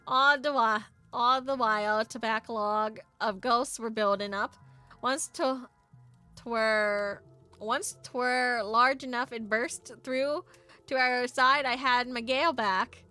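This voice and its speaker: A sheepish, rambling builder with a broad put-on lilt, as a woman performs him. The voice sits high and sharp-edged. Soft music plays underneath. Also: steady tone, slow, smooth. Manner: rambling, flustered dialect storytelling. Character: bumbling middle-aged male ghost-raising builder. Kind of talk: voicing game dialogue for stream.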